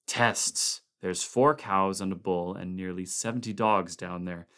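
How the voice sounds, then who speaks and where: A grim, weary male expedition leader with a low, measured voice, as a man reads him in a storybook. He is thoughtful and soft-spoken, never rushing. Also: steady tone, clean tone.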